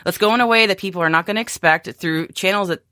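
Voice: medium pitch, fast talker, sharp tone, no room sound, clean studio sound. An American podcast co-host in a casual tech-news chat, talking with frequent restarts and laughs. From United States. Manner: chatty, laughs often, many restarts.

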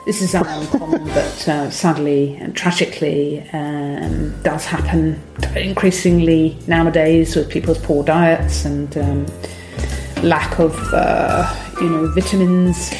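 A woman playing a prim, deadpan agony aunt who speaks matter-of-factly with hesitant fillers, heard in a played clip. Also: low-pitched, slow. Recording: clip with roomy echo and music.

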